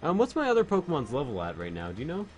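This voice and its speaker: A man's voice: mid-range voice, huge pitch swings, rapid-fire, highs cut off, faint music behind. A man streaming a video game while drunk, chatting casually, rambling and swearing a lot.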